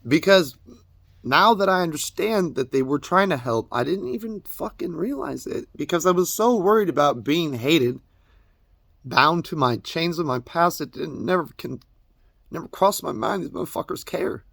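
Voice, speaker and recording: A man's voice: on the high side, animated, moderate pace, creaky, fairly bright tone, no room sound. A young man making an emotional personal confession to camera, crying as he talks, stammering and swearing as he rambles. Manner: rambling, stammering, profane, tearful. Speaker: vlogger.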